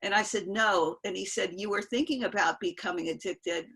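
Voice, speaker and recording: A woman's voice: mid-range voice, moderate pace, creaky, fairly bright tone, slightly rough, low-quality recording. An older woman telling a rambling personal story to friends on a video call, interrupting herself and laughing as she goes. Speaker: guest storyteller. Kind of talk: casual spoken storytelling.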